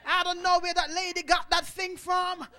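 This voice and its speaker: A man preaching a sermon, swelling into shouted, rhythmic phrases punctuated by "uh" and calling on the congregation to respond. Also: very high voice, little pitch movement, moderate pace.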